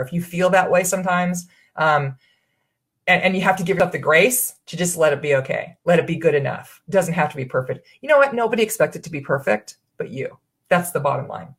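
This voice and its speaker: Chatty woman coaching on a live webinar. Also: lowish voice. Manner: chatty, earnest, encouraging, many restarts. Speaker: online business coach.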